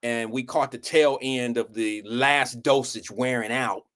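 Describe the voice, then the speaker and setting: This Ohio man hosts a live stream, speaking at a measured pace in a medium pitch. His storytelling is lively and meandering, full of swearing and casual chatter.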